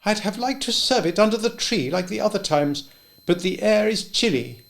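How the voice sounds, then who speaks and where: A man putting on a high, careful household cook. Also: lively intonation, normal speed, vocal fry. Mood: polite. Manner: light, high, polite and careful. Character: careful male household cook, quiet and nervous.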